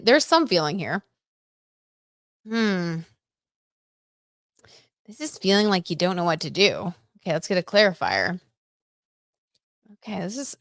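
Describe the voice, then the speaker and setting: A young woman casually chatting on a livestream, reading out viewer comments and reacting excitedly while doing tarot. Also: mid-range voice, no echo, clean studio sound.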